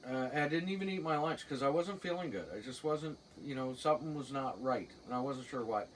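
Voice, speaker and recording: A woman's voice: rumbling low, brisk, a little hiss or hum. A middle-aged Cape Breton woman spins a personal yarn in blunt, salty everyday talk, chuckling as she goes. Her voice sits a little back from the microphone, so it sounds slightly distant. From Cape Breton, Canada. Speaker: storyteller guest. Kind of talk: casual spoken anecdote.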